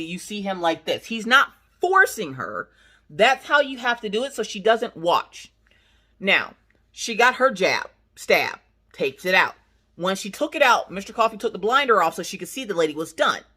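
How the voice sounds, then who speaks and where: A woman hosting a casual vlog, telling a family story in an animated, emphatic way with sassy asides. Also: medium pitch, moderate pace. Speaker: channel host, mother.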